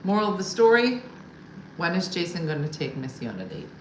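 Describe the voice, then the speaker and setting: In a fairly low voice that swings widely in pitch, she talks a little fast on a casual live comedy stream at home. She chats with viewers, replies to their comments, and tells exasperated, wry stories about her partner, imitating her husband loudly. The echoey room has a faint ambient hum.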